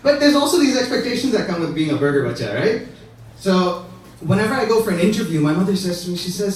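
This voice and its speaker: High-voiced male comic in an echoey room. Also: lively intonation, fast. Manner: conversational, keeps asking "right?". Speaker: stand-up comedian. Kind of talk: stand-up routine. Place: comedy stage with live audience. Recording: echoey room, distant mic.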